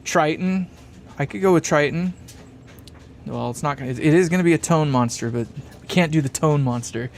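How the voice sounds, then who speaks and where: Brief: fairly high-voiced man, live-stream host who rambles and chuckles, faint hum behind. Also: brisk, vocal fry. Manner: rambling, thinking aloud, chuckling often. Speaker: live-stream host building a guitar amp. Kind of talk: casual live-stream chat, reading comments. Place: workshop bench.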